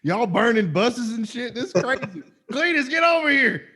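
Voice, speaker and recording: A man's voice: very high-pitched, very animated, moderate pace, sharp tone, breathy edge, voice pushed up, exaggerated voice. A man hamming up a drawling Southern yokel. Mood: brash, joking. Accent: exaggerated American Southern drawl. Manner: drawling, folksy, hammy. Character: exaggerated loud Southern American yokel man.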